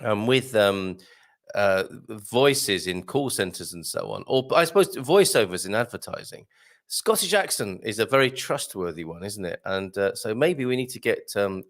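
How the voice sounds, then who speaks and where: A man hosting a live morning show, chatting casually and jokily through viewer comments with plenty of ums and laughs. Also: lowish voice. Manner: chatty, jokey, laughs often, lots of ums. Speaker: host. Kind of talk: live-stream chat reading viewer comments.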